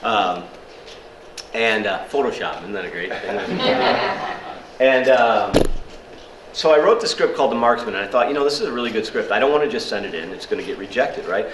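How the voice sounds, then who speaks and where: A man's voice: lowish voice, fairly quick, very noisy. Chatty man telling stories in an echoey room. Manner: lively anecdotes, chuckling, many fillers. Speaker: speaker at a screenwriting workshop. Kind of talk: storytelling talk to an audience. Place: workshop room at a film festival. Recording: echoey room with faint ambience.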